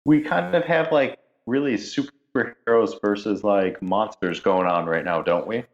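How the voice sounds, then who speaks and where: A man's voice: on the low side, measured pace, highs cut off. A man on a podcast talking enthusiastically and reflectively about a film he loves. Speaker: podcast co-host. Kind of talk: casual podcast discussion.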